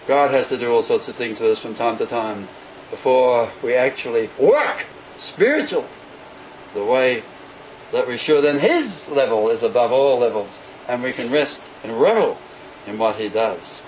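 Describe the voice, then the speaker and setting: A man preaching a sermon in an animated way, often acting out the voices of the people he quotes. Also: medium pitch, moderate pace, slight background noise, rough recording.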